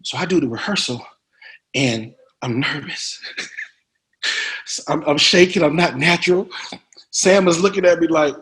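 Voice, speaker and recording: Quick to laugh and heavy on slang, this man is an actor swapping stories as a guest in a relaxed interview. He mimics others with abrupt leaps in pitch.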